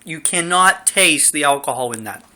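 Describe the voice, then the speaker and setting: A young man chats loosely through a beer review in a room at home, filling his sentences with fillers and side stories. His voice sits a little high and sounds bright and forward. The sound comes from a simple camera mic. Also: expressive, moderate pace. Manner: rambling, chatty, lots of fillers. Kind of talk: casual home video review.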